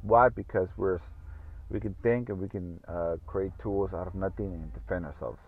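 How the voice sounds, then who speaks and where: A man's voice: sits low, fairly even intonation, normal speed, husky. A man hosting a podcast in casual solo talk, rambling and swearing freely with lots of fillers. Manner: rambling, profane, full of fillers. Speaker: podcast host. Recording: tinny phone-like audio.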